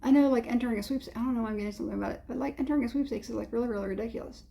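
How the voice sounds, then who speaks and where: A woman's voice: on the high side, racing, vocal fry, warm tone. A woman giving a casual tarot reading, rambling and hesitant, with many fillers and frequent chuckles. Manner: chuckles often. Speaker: tarot reader.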